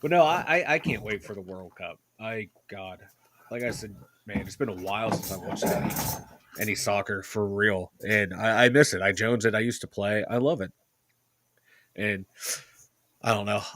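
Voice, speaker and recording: A man's voice: on the low side, normal speed, a bit bright, slight background noise. A man from the Pittsburgh area co-hosting a sports podcast, chatting loosely with lots of fillers and swearing. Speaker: podcast co-host. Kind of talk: casual sports chat.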